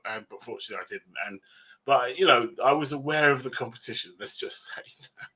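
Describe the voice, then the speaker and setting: A man with a bright, edgy voice and a husky grain. He rambles through his answers and often laughs at himself. He is a guest on a convention panel. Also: mid-range voice, brisk. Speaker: author guest.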